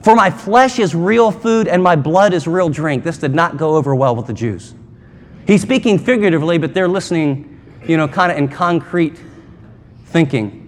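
High-voiced preaching man in a reverberant hall. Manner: emphatic, conversational preaching with dramatic asides. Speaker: pastor. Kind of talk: sermon.

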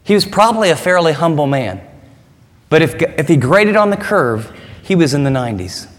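A male pastor preaching with a high-pitched voice, emphatic and conversational, often posing rhetorical questions. His words hang in the long reverb of a large hall. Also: lively intonation, normal speed. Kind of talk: sermon.

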